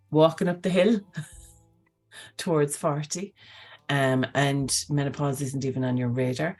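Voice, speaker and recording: A woman, hosting a casual live talk in an animated, chatty way, often tagging on okay and right. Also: rumbling low, husky. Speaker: host.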